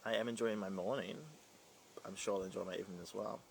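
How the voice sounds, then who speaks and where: Kiwi man with a faint British twang, casual livestream Q&A, gravelly tone, faint hiss behind. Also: lowish voice, fairly even intonation, fast. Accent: New Zealand with a slight British twang. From New Zealand. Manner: chatty, playful, scattered, reads comments aloud. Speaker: drag performer reading live comments.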